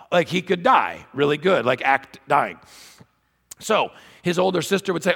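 A man giving a humorous teaching talk to a live audience, an animated and self-mocking storyteller. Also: on the high side, normal speed, gravelly. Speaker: conference speaker. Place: large conference hall. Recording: long hall reverb.

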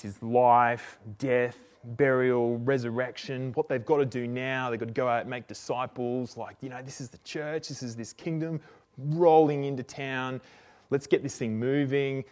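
Chatty man preaching in casual storytelling style. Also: mid-range voice. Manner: relaxed, chatty retelling with slang and frequent restarts.

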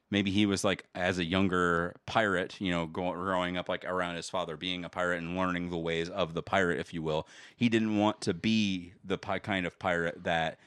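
A man's voice: sits low, fairly bright tone, no room sound, clean studio sound. A man chatting casually on a podcast, rambling with lots of fillers. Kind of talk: casual chat.

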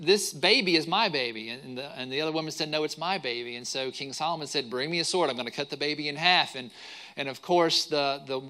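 Pastor, male, middle-aged, bright tone, lively sermon storytelling. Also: on the high side. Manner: animated storyteller acting out quotes.

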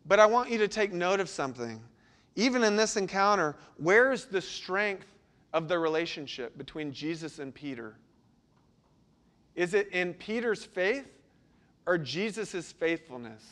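High-voiced male pastor preaching. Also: animated, moderate pace. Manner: dynamic delivery, sudden drops to quiet intensity. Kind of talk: sermon.

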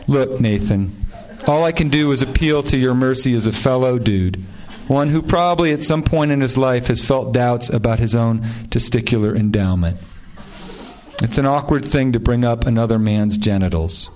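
Guy on a panel reading letters out loud, dry and amused, keeps cracking up, mid-pitched voice. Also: moderate pace. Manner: wry, amused, often breaking into laughter. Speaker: author on a panel. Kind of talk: telling stories and reading letters aloud to an audience.

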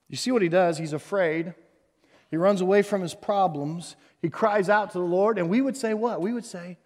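A man preaching a sermon, swinging between hushed and loud passages and repeating phrases for emphasis. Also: sits high, fairly quick, in a large hall. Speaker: pastor.

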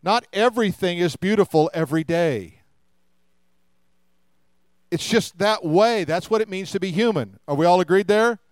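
A man's voice: high-pitched, normal speed, pauses often, no room sound. An older man preaching a sermon in a conversational way, with humorous asides and rhetorical questions to the congregation. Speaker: pastor.

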